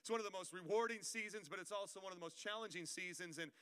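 A man's voice: sits high, fast, pushed and bright, clear, resonant tone. A male pastor preaching a sermon in a conversational, joking way, calling out to the congregation. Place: church auditorium. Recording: long reverb of a church hall.

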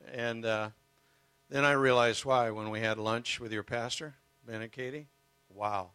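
A man's voice: mid-range voice, steady tone, normal speed, pushed and bright, smooth, no echo. An older man preaching as a guest speaker, earnest and emotional, telling his story with humor. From United States. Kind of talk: sermon.

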